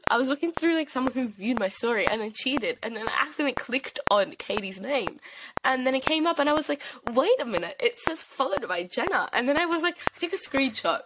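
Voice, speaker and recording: A young woman hosting a casual podcast chat, telling stories excitedly and rambling with lots of "like". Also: high voice, quick pace, noisy background. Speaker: podcast host.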